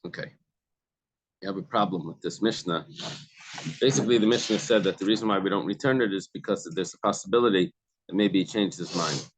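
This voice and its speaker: A man's voice: sits low, brisk, background noise. A man leading a Talmud study session, reading passages and then explaining them plainly with many restarts. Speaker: Talmud class leader. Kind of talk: explaining a text to a study group.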